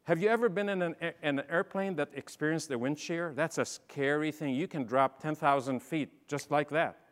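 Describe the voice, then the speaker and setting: A middle-aged man giving a motivational leadership talk, telling stories and swinging from quiet asides to loud, emphatic bursts. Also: on the high side, normal speed. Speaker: speaker. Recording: long hall reverb.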